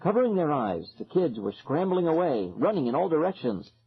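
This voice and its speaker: A man narrating a horror audiobook in the first person, in a dramatic, expressive way. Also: fairly high pitch, fairly quick, breathy edge, narrow, tinny audio.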